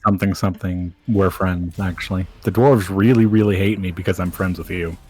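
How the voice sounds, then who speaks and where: A man's voice: deep voice, steady tone, brisk, a little mellow, breathy edge. A man playing alongside the streamer, chiming in with blunt, offhand remarks in casual voice chat. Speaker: co-player.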